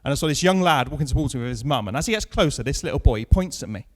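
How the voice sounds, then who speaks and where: A man's voice: mid-range voice, lively intonation, very fast. A man in his thirties doing a stand-up set on a comedy club stage, telling self-mocking stories and chatting with the crowd. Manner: dry, self-mocking storytelling with punchlines.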